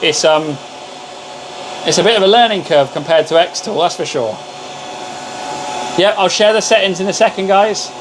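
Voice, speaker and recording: A man's voice: sits high, moderate pace, pauses often. Chatty man over machine hum. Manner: chatty, greets viewers and calls them mate. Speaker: livestream host. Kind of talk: casual live-stream chat. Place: home workshop with laser machines.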